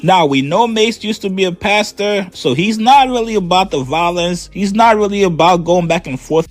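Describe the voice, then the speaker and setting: High-voiced man narrating gossip news. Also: moderate pace, few pauses, dry recording, faint music behind. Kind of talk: scripted news commentary.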